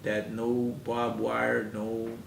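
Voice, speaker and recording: Gravelly man telling his story. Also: monotone, extremely slow. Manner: earnest storyteller who acts out quoted dialogue. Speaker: interview guest. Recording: echoey room, mic at a distance, background rumble.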